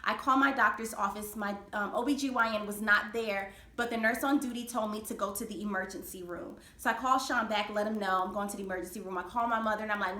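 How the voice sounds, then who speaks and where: A woman's voice: mid-range voice, fairly even intonation, fast talker, hardly any pauses, sharp tone, echoey room. A young woman telling a personal story to her viewers in a vlog, earnest and faithful, with many fillers. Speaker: vlogger.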